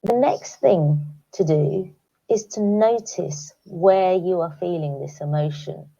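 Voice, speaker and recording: A woman speaking calmly to teachers, guiding them through reflective questions in a recorded online talk. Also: fairly low pitch, takes it slowly, gravelly, dull audio. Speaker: education speaker. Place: home, recorded remotely.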